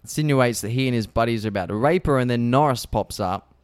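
A man's voice: medium pitch, quick pace, clean tone. A man co-hosting a podcast, casually retelling a horror film scene by scene and swearing freely. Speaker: podcast co-host.

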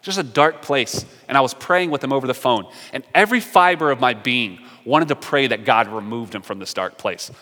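A man preaching a sermon in an earnest way, moving between emphatic lines and hushed, quiet ones. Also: mid-range voice, normal speed, hardly any pauses, in a large hall. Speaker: pastor.

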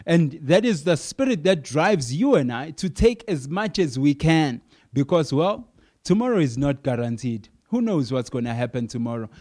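A man's voice: a little high, darkish tone. A man preaching a sermon in an earnest way, repeating key phrases for emphasis, with some fillers.

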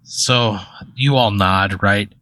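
Low-voiced man narrating a comic hypothetical. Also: slow pace, sharp tone, dry recording. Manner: rambling, heavy use of "like" and swearing. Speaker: podcast host spinning a hypothetical. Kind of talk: improvised comedic second-person narration.

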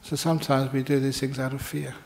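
A man giving a Buddhist dharma talk in a slow, reflective storytelling manner. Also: medium pitch, level tone, creaky, darkish tone, a little hiss or hum.

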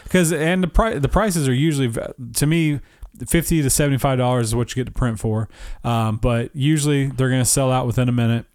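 A man's voice: medium pitch, a little fast, a little mellow, no room sound. Rambling casual man, dry sound. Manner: loose, rambling, laughs often, swears. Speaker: podcast co-host. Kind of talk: casual chat.

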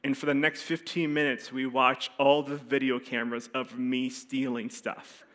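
A man preaching a sermon, telling a personal story with animated voices and quiet, serious stretches. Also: medium pitch, moderate pace. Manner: animated storyteller, acts out voices, drops soft for serious moments. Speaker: pastor.

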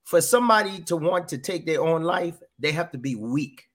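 His voice is a little high, a bit bright and husky, and he speaks expressively at normal speed. This middle-aged podcast guest shares an earnest personal testimony, repeating phrases and acting out quoted dialogue.

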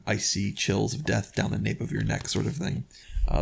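A man's voice: on the low side, level tone, normal speed, gravelly, slightly rough. A man co-hosting a podcast, talking about a book in a rambling, enthusiastic way and often restarting his sentences. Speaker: podcast co-host reviewing a book. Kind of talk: casual discussion.

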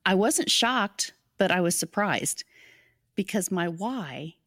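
A woman's voice: on the low side, lively intonation, slow, a bit bright. A woman hosting a casual live stream on leadership, upbeat and enthusiastic and often laughing.

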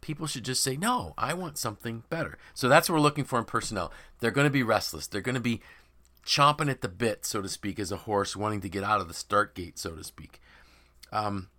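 Bright, emphatic male podcast host. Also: fairly low pitch, fairly quick. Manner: emphatic, animated speaker who quotes imagined people. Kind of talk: conversational podcast discussion.

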